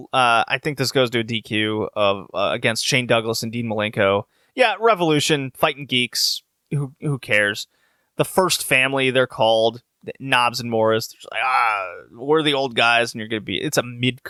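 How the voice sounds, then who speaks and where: Casting note: young adult male podcast host, bright voice, dry close recording, rambling and profane. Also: mid-range voice, no echo. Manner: rambling, profane, many restarts. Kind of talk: casual chat recap.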